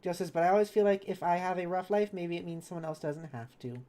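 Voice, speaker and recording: While gaming, a woman streamer chats casually with her live audience, reading their messages aloud and answering kindly. Her voice is fairly low and mellow, quick-paced, and she's talkative, correcting herself and laughing as she goes.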